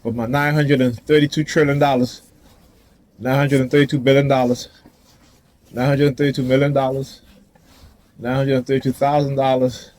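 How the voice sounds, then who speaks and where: A man's voice: mid-range voice, flat delivery, moderate pace, pauses often, a little mellow. A man ranting defiantly to the camera outdoors in a casual, confrontational vlog, laughing now and then. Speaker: vlogger.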